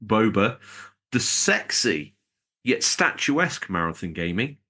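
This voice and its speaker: A man's voice: lowish voice, very animated, unhurried, bright, forceful tone. A man co-hosting a podcast, chatting in a jokey, rambling way while reading out supporters. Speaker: podcast co-host. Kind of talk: casual podcast chat.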